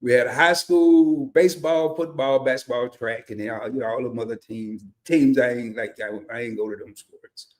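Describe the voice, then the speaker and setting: A man's voice: medium pitch, fairly even intonation, normal speed, few pauses. Laid-back Southern man telling stories. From Arkansas. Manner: laid-back, drawling, laughs often. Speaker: livestream host. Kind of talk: casual storytelling monologue.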